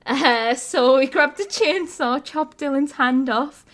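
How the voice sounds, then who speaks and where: A woman's voice: high voice, slow. A woman podcast host, casually retelling a video game story with lots of laughter. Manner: animated storytelling, laughs often.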